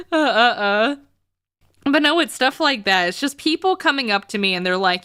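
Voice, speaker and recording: A young woman streamer chats casually with a bright, crisp, tense voice. Her talk is sarcastic, with frequent laughter. The sound is dry and close, from a desk mic at home. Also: medium pitch, very animated, normal speed, pauses often, no room sound. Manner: chatty and sarcastic, laughs often. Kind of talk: casual chat while livestreaming a game.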